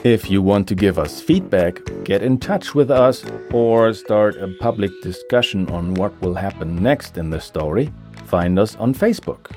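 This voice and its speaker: A man teaching a grammar lesson, explaining slowly and clearly with examples. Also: lowish voice, animated, dark tone, faint music behind. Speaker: language teacher.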